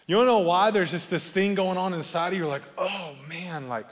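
A man preaches in a large sanctuary, his fairly high voice climbing in loud, repeated appeals and then dropping to a hush. He jokes with the congregation between points. The sound carries a long hall reverb. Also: moderate pace. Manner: animated preaching, rising loud then dropping soft, joking asides. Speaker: pastor. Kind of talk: sermon. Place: church sanctuary.

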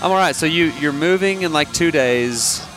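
A man co-hosting a podcast in casual chat, rambling and halting with lots of fillers. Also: on the high side, music in the background. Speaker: podcast co-host.

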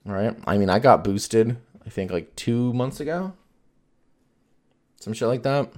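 A man with a medium-pitched, darkish voice talks at a measured pace as a podcast host. He rambles through casual chat, swearing freely and piling on fillers.

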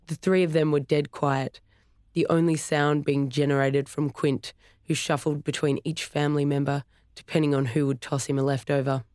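An audiobook narrator reading scripted narration in an even, clear storytelling way. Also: mid-range voice, normal speed, no echo, clean studio sound.

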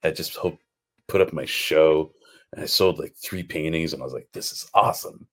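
Podcast host, man, 40s, very deep voice, rambling and animated. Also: normal speed. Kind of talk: casual conversation.

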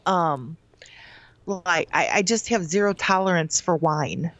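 A woman's voice: lowish voice, takes it slowly, a bit bright, no room sound. A woman co-hosting a radio show in casual chat, with dry, teasing remarks.

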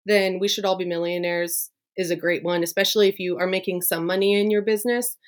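Chatty, enthusiastic lower-voiced woman coach. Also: steady tone, quick pace. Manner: chatty and enthusiastic, many "like" fillers. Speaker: business coach, podcast guest. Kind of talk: casual conversational interview.

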